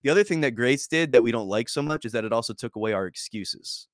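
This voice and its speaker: A man's voice: medium pitch, expressive, quick pace, no echo, clean studio sound. A man co-hosting a casual faith podcast chat, talking earnestly and emphatically and often repeating words as he starts a thought.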